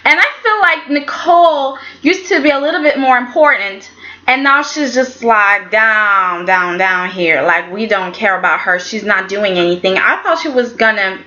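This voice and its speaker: A woman's voice: medium pitch, moderate pace, bright, forceful tone, muffled recording. A woman chatting casually as she reviews a soap opera episode, sassy and chatty, often tagging her lines with okay. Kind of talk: casual vlog recap.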